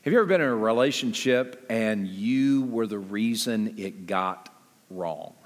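Male pastor preaching, chatty and animated, jumps up in pitch a lot, big echoey church. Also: a little hiss or hum. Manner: conversational and animated, with jumps in pitch and quick asides. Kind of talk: sermon.

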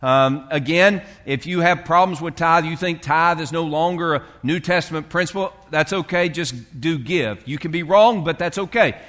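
A man's voice: on the high side, normal speed, few pauses, a bit bright. Man preaching a sermon in a reverberant church. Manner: conversational preaching with fillers and restarts. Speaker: pastor.

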